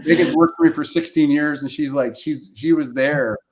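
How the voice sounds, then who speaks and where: A man's voice: on the high side, normal speed, creaky. A male chiropractor telling heartfelt patient stories in casual talk on a video call, emotional and repetitive, acting out quoted voices. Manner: emotional, repeats himself, acts out quoted voices. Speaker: chiropractor and practice coach. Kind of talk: casual storytelling on a live webcast.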